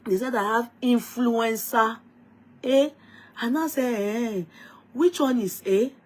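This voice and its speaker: A woman with a Nigerian accent telling a story to her viewers in a lively, dramatic way, slipping into Yoruba phrases. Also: a little high, takes it slowly. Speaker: vlogger.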